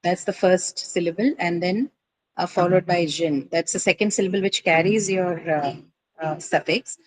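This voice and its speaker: A woman's voice: fairly low pitch, normal speed, poor audio. Woman teacher, patient classroom explanation full of fillers. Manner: patient, explanatory, many fillers like uh and you know. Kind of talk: classroom lesson on word stress.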